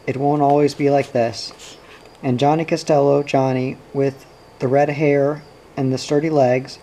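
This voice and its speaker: A man reading a novel aloud in an unhurried, even storytelling delivery. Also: medium pitch, low-quality recording. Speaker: reader. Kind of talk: audiobook narration of a novel.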